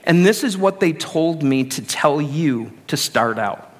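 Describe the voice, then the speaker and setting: A man's voice: on the high side, expressive, unhurried. A middle-aged man preaching a sermon as pastor, conversational and self-deprecating.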